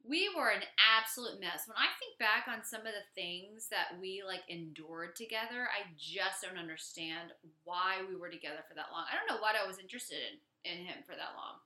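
A young woman co-hosting a podcast, chatting casually and telling stories with animated energy. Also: medium pitch, brisk, hardly any pauses, echoey room. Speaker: podcast co-host.

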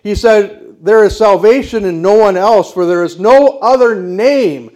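High-voiced man preaching emphatically. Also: unhurried, darkish tone. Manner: emphatic, declarative preaching with rhetorical questions. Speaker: pastor. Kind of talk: sermon.

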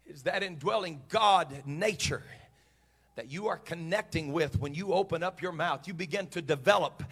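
Male pastor, fervent sermon delivery, high sharp voice that builds to shouting. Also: moderate pace, breathy edge. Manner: impassioned, swells to shouting.

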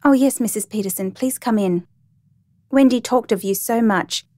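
A woman voicing a gentle, grieving young mother who speaks softly and politely. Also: on the high side, moderate pace, no room sound, natural voice. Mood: apologetic. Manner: soft, polite, subdued.

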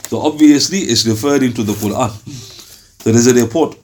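A man teaching a Quran class, asking his students rhetorical questions and slowing down to read verses aloud. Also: medium pitch, a little mellow. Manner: asks rhetorical questions and reads verses slowly. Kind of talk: religious class lecture.

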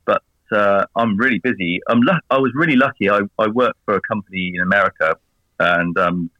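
A man's voice: fairly low pitch, sharp tone, no room sound, dull audio. An English man chatting casually as a guest, rambling and laughing at his own jokes. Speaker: guest on a video call. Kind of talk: casual chat.

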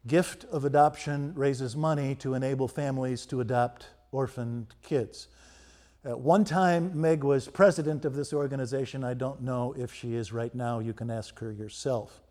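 A male pastor with a medium-pitched voice delivers a sermon built around storytelling. He moves back and forth between loud, emphatic passages and quiet, hushed moments.

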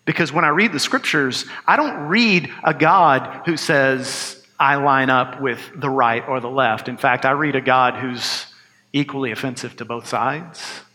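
A man's voice: mid-range voice, measured pace, sharp tone. A man preaching a sermon in an earnest, conversational way, with wry asides. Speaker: pastor. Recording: long hall reverb.

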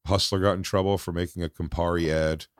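A man guesting on a podcast in casual chat, joking and laughing often as he tells quick anecdotes. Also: sits low, fairly even intonation, smooth, dry recording, clean studio sound.

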